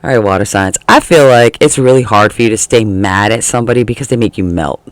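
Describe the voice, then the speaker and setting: A man's voice: fairly low pitch, quick pace, dry recording. A man giving a casual tarot reading, chatty and laughing often, acting out the feelings he describes. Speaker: tarot reader.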